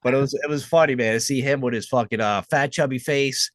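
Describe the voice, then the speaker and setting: A man's voice: medium pitch, brisk, no room sound. A podcast co-host man chats loosely, rambling and swearing, with lots of "like" and "you know". His voice sits in a middle range for a man. The recording is close and dry, with no room sound. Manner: rambling, profane, filler-heavy reminiscing. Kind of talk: casual chat.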